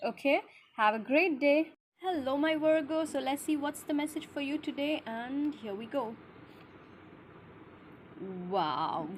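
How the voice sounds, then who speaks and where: A woman's voice: sits high, a little mellow, slight background noise. A woman giving short intuitive tarot messages to each zodiac sign, talking straight to the listener in a reassuring way with simple, slightly non-native phrasing. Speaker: tarot reader.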